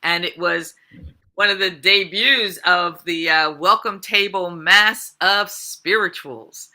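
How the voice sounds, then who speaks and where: A woman's voice: fairly low pitch, slow, pushed and bright. A woman guest musician answering the host's questions eagerly in casual talk over a video call.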